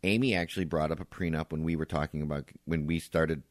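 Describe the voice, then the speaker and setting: A man's voice: extremely low pitch, fast, no room sound, studio quality. A man co-hosting a podcast, telling stories in casual chat and swearing freely. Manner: relaxed storytelling, swears freely. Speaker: podcast co-host.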